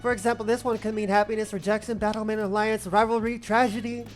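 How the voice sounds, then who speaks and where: A woman voicing a calm, world-weary witch in game dialogue, speaking in a subdued, measured way. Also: medium pitch, faint music behind, natural voice. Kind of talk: reading game dialogue aloud.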